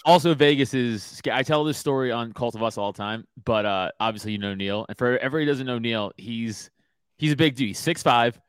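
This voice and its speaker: A man hosting a podcast, telling a story in casual chat, animated, swearing and laughing often. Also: medium pitch, a little fast, smooth, dry recording. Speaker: podcast host.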